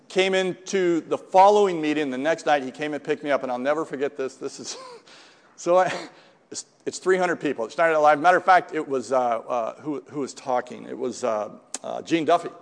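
A middle-aged man with a fairly high voice speaks at a moderate pace, leaving long pauses. His recovery story to a live group is rambling and self-deprecating, with many restarts and quoted exchanges, and long hall reverb surrounds it.

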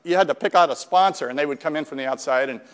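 Rambling storyteller man, slightly high voice. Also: rapid-fire, clean tone. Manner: rambling, self-deprecating, with frequent restarts and quoted dialogue. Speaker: speaker sharing a recovery story. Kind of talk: casual storytelling to a live group. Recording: long hall reverb.

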